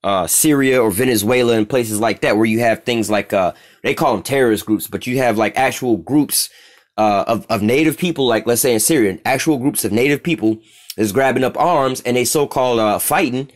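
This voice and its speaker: A man's voice: mid-range voice, brisk. A man teaching scripture in a loose street style, profane and rambling, constantly checking in with "all right?".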